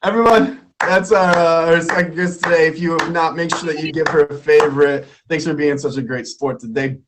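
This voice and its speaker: A man's voice: fairly high pitch, steady tone, brisk, background noise. A man hosting a live stream quiz in a playful way, laughing often and repeating himself.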